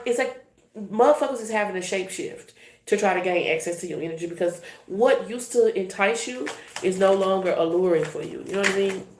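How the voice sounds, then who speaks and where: A woman's voice: on the low side, roomy sound, noisy background. A woman giving a casual tarot reading in a blunt, emphatic, profane way. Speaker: tarot reader.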